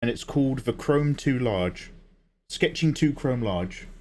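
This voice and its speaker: A man's voice: medium pitch, expressive, measured pace, a little mellow. An Australian man chatting casually while drawing on a livestream, laid-back, swearing and laughing as he reads chat. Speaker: art livestreamer.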